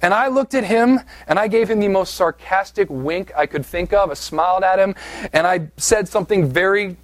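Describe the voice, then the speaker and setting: The recording is dry, capturing a high-pitched man, a pastor from southeast Pennsylvania, in the middle of a sermon. He relates a story from his own life in a chatty, self-mocking manner, frequently adding "right?"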